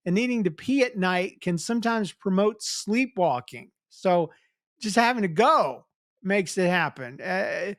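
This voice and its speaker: A man's voice: high-pitched, lively intonation, a little slow, fairly bright tone, no echo, clean studio sound. A man hosting a podcast, chatty and teasing in casual comedic talk. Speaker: podcast host.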